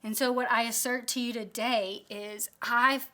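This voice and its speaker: A woman's voice: a little high, steady tone, normal speed, bright, forceful tone. A woman in her thirties teaching a Bible study, telling a candid, self-deprecating story from family life.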